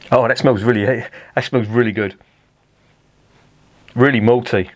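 A man's voice: medium pitch, steady tone, measured pace, long pauses. A middle-aged man, reviewing a beer in a casual, rambling and sweary way at home.

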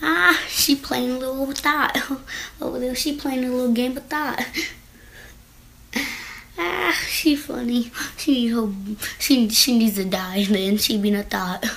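A woman's voice: high-pitched, measured pace, gravelly, a bit bright, a little hiss or hum. A woman vlogger reading text stories aloud, with sassy, teasing, slangy asides. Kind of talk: casual reaction commentary.

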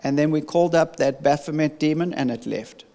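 A man's voice: on the high side, a little fast, long reverb tail. A man and church minister teaching in a casual conversational way, telling stories with frequent restarts. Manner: animated storytelling with many restarts. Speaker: deliverance minister.

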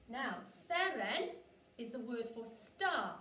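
Slow, clear woman teacher. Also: a little high, very animated, a bit bright, distant mic, a little hiss or hum. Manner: slow, clearly modelled words for children to repeat. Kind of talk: children's language lesson. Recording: echoey room, voice from off the mic.

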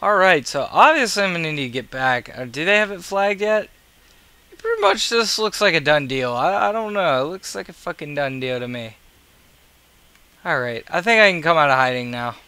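Tired male gamer with a bright, slightly high voice, recorded dry, swearing through casual gameplay commentary. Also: very animated, moderate pace, smooth, no echo. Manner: profane, grumbling, sarcastic. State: tired and yawning. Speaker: gaming video creator.

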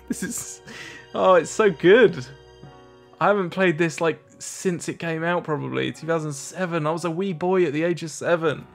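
A young man in his twenties, a gaming host, joking and reacting excitably while he plays. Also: on the high side, moderate pace, gravelly, faint music behind. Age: 20s. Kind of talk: let's-play commentary.

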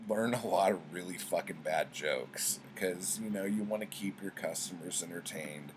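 A man's voice: deep voice, moderate pace, noisy background. A man doing a book-tag video, chatting casually in a rambling, jokey way with lots of fillers. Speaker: booktuber. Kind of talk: casual chat.

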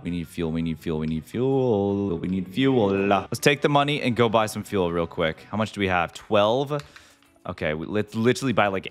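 A man giving excitable gameplay commentary as the host, talking to himself and to viewers and calling everyone "dude". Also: sits low. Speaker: gaming video host.

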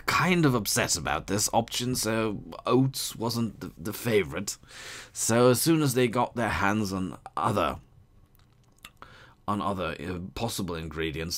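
Deep-voiced man chatting slowly. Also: a bit bright. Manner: hesitant, full of ums, dry humor. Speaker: YouTube gamer and whisky vlogger. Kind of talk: casual chat to camera.

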